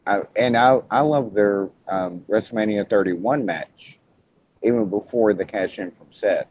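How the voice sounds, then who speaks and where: A man hosting a casual wrestling podcast, talking in halting bursts with frequent restarts. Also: lowish voice, a little mellow, a little hiss or hum. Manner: halting, restarts often, hedges before points. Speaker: podcast host. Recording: muffled lo-fi podcast audio.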